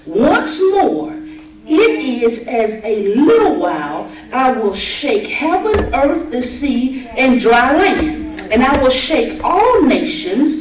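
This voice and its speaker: A woman pastor preaching a sermon at a women's conference, reading scripture slowly and then building to fervent, shouted declarations with bursts of laughter. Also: a little high. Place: large conference hall. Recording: echoey hall, preacher from far off, audience noise. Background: responsive audience.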